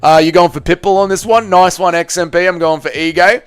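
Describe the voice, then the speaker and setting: A man's voice: high voice, fairly even intonation, a little fast, smooth. An Australian man from Tasmania hosting a casual fight-night livestream, bantering with chat and swearing freely. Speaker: livestream host.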